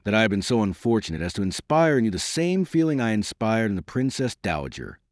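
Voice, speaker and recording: A male reader voicing a courteous, shrewd young baron who speaks in a measured, formal way. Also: on the low side, big pitch swings, no echo, studio quality. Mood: courtly.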